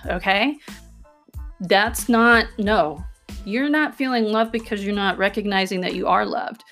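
A woman's voice: medium pitch, lively intonation, measured pace, fairly bright tone, faint music behind. A woman hosting a self-help podcast, talking earnestly and coaching her listeners, often checking in with "okay?" and "right?". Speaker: podcast host.

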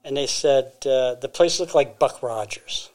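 A man's voice: mid-range voice, a little slow, darkish tone. A man co-hosting a podcast, casually retelling a story with fillers and restarts. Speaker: podcast co-host.

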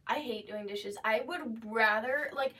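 A woman's voice: a little high, a little slow, pushed and bright. Chatty young woman, slightly off-mic. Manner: chatty, laughs easily, many "like" fillers. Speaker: podcast co-host. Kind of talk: casual chat. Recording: voice a bit distant from the mic.

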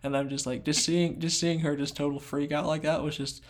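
A man chatting casually on a podcast as he tells a long story. He is animated and often acts out what others said in their own voices. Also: on the high side, fairly quick. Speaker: podcast co-host.

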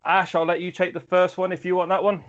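A man hosting a sports podcast puts fan questions to his guest in an easygoing, teasing casual interview. He speaks fast in a high voice with a level tone, and the lo-fi audio sounds dull.

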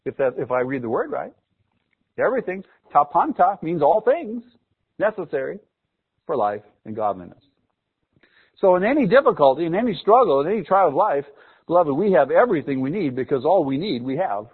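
A man's voice: on the high side, sing-song, fairly quick, slightly rough. A man preaching a sermon, asking the congregation questions and repeating key words for emphasis. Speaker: pastor. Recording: phone-like narrow sound.

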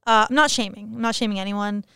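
A woman's voice: mid-range voice, fairly even intonation, quick pace, creaky, a bit bright, smooth, dry recording, clean studio sound. A young adult woman hosting her own podcast in frank, profane, jokey casual chat. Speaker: podcast host.

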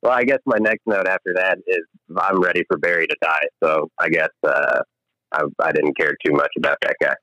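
A man's voice: low-pitched, steady tone, a little fast, sharp tone, dry recording, rough recording. A laid-back man co-hosting a podcast, chatting crudely about a movie. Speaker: podcast co-host. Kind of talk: casual movie-review chat.

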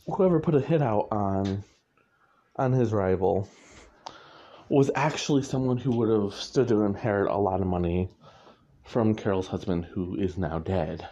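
Low, mellow man chatting in a rambling way. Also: measured pace. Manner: rambling, self-correcting, chuckles often. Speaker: author. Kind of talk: casual chat. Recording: muffled lo-fi recording.

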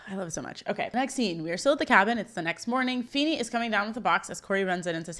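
A woman's voice: medium pitch, very fast. Woman recapping a sitcom scene. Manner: reads script lines aloud in an animated storytelling way. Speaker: podcast co-host recapping episodes. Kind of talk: casual chat and scene recap.

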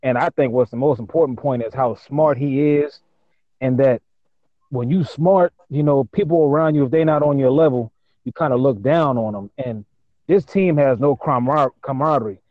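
A man's voice: mid-range voice, normal speed, no echo. An emphatic man argues his point in a casual sports discussion, tripping over a word or two before he gets going. The sound is dry and somewhat dull. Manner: emphatic, repeats words when starting a point. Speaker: panelist.

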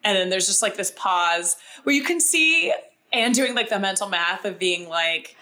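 A young woman co-hosting a casual podcast, chatting about a TV episode. Her tone is bright and forceful, and she talks in an animated way with plenty of fillers. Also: mid-range voice, moderate pace. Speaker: podcast co-host. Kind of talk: casual chat recapping a TV episode.

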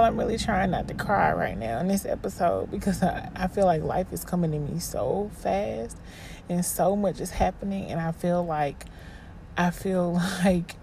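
A woman hosting her own podcast as a personal voice diary, sounding exhausted and halting, often restarting and trailing off. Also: on the low side, creaky, dark tone, a little hiss or hum. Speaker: podcast host.

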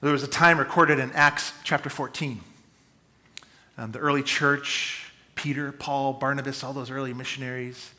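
A man preaching a sermon, with dynamic delivery that swings between loud emphasis and quiet asides. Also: mid-range voice, steady tone, normal speed. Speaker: pastor.

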